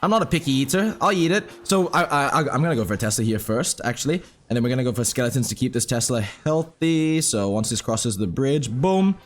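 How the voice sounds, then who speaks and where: A young man commenting on his own gameplay while telling a rambling story. He is excitable, swears freely, talks in slang and mutters about his moves as he plays. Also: medium pitch, a little fast, few pauses. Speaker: gaming commentator. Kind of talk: casual storytelling over live gameplay.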